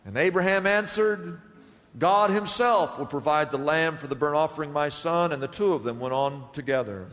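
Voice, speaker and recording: A man's voice: on the high side, lively intonation, moderate pace, a bit bright, in a large hall. A male pastor preaching a sermon, acting out Bible scenes and reading scripture aloud.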